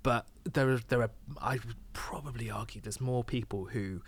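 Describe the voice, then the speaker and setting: A man's voice: medium pitch, normal speed, husky. A man hosting a podcast, talking casually in a rambling way with frequent fillers. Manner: rambling, with many fillers and restarts. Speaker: podcast host.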